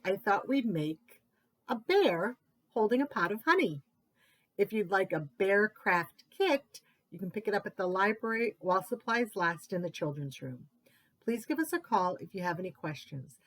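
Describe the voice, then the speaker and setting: A woman who works as a children's librarian, reading picture books aloud for story time in an expressive way, doing character voices. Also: medium pitch, moderate pace.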